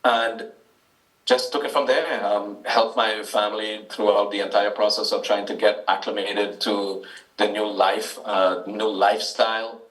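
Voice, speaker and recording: A man's voice: fairly low pitch, little pitch movement, unhurried, fairly bright tone, echoey room, recorded from a distance, poor audio. A man from Trinidad and Tobago with a Trinidadian accent, answering interview questions as a guest author, hesitant with frequent ums and restarts.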